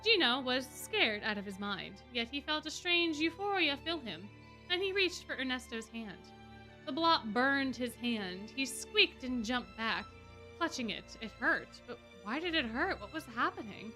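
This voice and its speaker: A woman streamer reading fan fiction aloud in an expressive way. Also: sits high, unhurried, soft background music. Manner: expressive, laughing asides.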